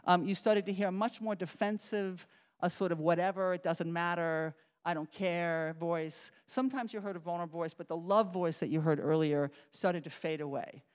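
A middle-aged woman, a psychology professor, giving a lively public lecture, restarting sentences and talking straight to the audience. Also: lowish voice, fairly quick. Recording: reverberant lecture hall.

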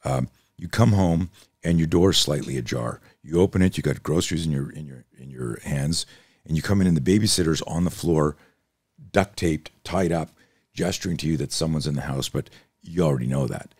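A man's voice: a bass voice, brisk, a little mellow, breathy edge, no room sound, studio quality. A man guesting on a podcast as a self-defense instructor, telling stories in an intense, emphatic way and swearing freely. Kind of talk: animated storytelling in casual conversation.

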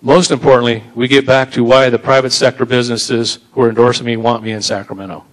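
A man's voice: mid-range voice, little pitch movement, fast talker, poor audio. Male candidate, assertive closing statement, mid-range voice. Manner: firm and assertive. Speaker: political candidate.

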